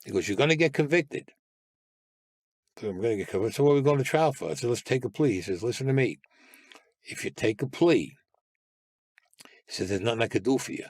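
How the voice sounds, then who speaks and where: A man's voice: medium pitch, animated, fairly quick, long pauses, a little mellow, husky, no room sound, clean studio sound. An older man with a New York Italian-American accent, telling his life story as a guest, bluntly and with swearing, acting out the voices of others. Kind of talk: animated storytelling with quoted dialogue.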